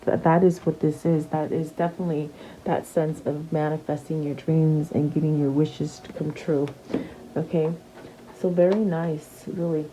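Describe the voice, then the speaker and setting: A woman's voice: low-pitched, little pitch movement, normal speed, noisy background. A woman giving a casual tarot reading, chatty and repeating her questions to the cards, with many fillers and restarts. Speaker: tarot reader.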